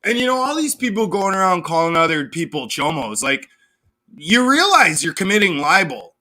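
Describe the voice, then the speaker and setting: A young man streams a loose, profane rant, taunting his rivals and laughing at his own jokes. His voice sits high and bright. It swoops up and down as he scoffs. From Canada. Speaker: live streamer. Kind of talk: casual ranting livestream chat.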